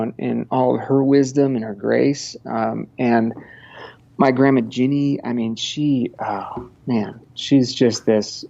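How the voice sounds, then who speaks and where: The guest, a Montana man in his thirties, talks casually on a podcast interview, full of restarts and frequent laughs as he rambles. He has a mellow, mid-range voice with vocal fry, and the audio is dull.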